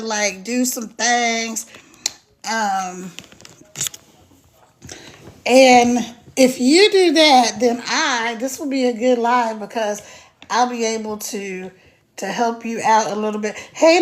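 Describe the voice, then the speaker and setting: A woman hosting a casual phone live stream, chatty and repetitive, greeting viewers by name. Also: on the high side. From United States. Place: mountains of Virginia.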